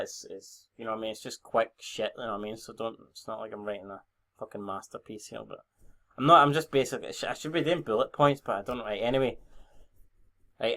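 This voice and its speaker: A young Scottish man talking through a wrestling management game in loose, off-the-cuff commentary. He rambles, swears freely and keeps cutting himself off to fix what he just said, all at an ordinary middle pitch. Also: pushed and bright. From Scotland. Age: 20s. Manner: rambling, sweary, self-interrupting. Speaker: YouTube gamer.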